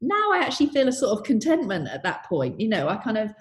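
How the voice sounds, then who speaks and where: A woman's voice: a little high, wildly swooping pitch, fast. Middle-aged woman, podcast guest, reflective and chatty, recorded in a roomy space. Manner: thoughtful, chatty, leans on "you know". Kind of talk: reflective conversation. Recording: roomy echo.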